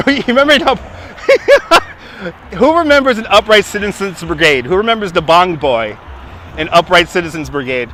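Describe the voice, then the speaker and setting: A Brooklyn-accented man hosts a casual live stream on a city waterfront, chatting, laughing often and thanking donors, filmed on a phone on a gimbal. His high voice is bright and forceful with lively intonation at normal speed, plus a little hiss or hum.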